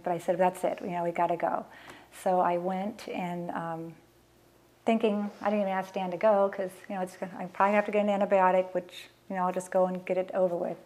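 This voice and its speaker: A woman's voice: fairly low pitch, a little mellow. Earnest middle-aged woman telling a personal story. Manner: emotional, earnest, acts out past conversations. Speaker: mother telling her family's story.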